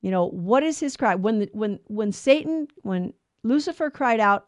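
A woman hosting a radio Bible show, teaching on scripture in an earnest, emphatic way with quick restarts. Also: medium pitch, expressive, no room sound, studio quality.

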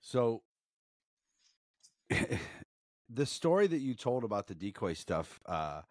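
A man's voice: medium pitch, sing-song, takes it slowly, darkish tone, no room sound, clean studio sound. A man hosting a podcast, talking in a blunt, profane, joking way. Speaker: podcast host. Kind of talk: casual podcast chat.

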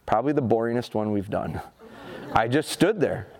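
A man's voice: medium pitch, normal speed. Folksy man giving a dog training seminar. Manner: folksy, animated storytelling, addresses the audience. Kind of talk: live seminar talk with demonstration. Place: seminar hall at an outdoor show.

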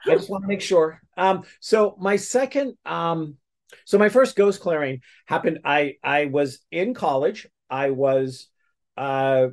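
A man telling a story as a guest in a casual interview, rambling with many restarts. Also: fairly high pitch.

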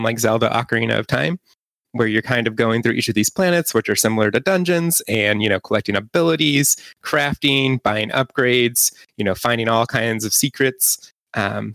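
A man's voice: mid-range voice, vocal fry, fairly bright tone, no room sound. A man being interviewed as a game developer guest, explaining at length with many ums and restarts. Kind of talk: podcast interview.

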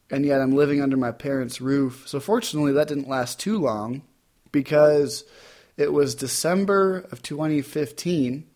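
A young adult man telling a personal story in a casual way, acting out what people said. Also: medium pitch. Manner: lively, acts out quoted voices.

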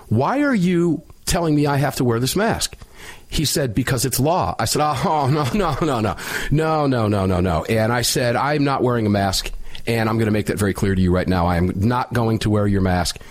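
A middle-aged man hosting a talk radio show, telling a story loudly and emphatically with a sinus infection. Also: medium pitch, expressive, a little fast.

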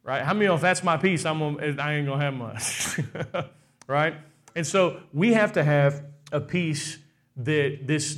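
A pastor preaching a sermon, often asking the congregation "how many know" and stressing his words. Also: on the high side. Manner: rhetorical, asks the crowd "how many know", emphatic.

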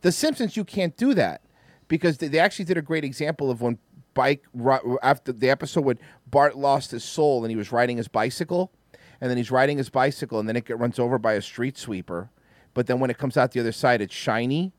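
A man in casual chat who gets animated, swears and acts out cartoon lines. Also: medium pitch, fairly quick, dry recording.

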